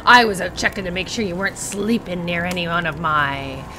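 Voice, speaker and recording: A woman's voice: lowish voice, animated, brisk, a little hiss or hum, close to an everyday voice. A woman voicing a boastful male killer in a dating game, talking in sarcastic veiled threats. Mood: sly. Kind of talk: reading a dating game aloud.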